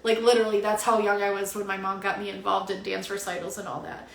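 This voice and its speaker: A young woman, a spiritual reader, chatting casually at home on a livestream, animated and swearing freely with lots of fillers. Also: medium pitch, fast, creaky. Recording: roomy echo.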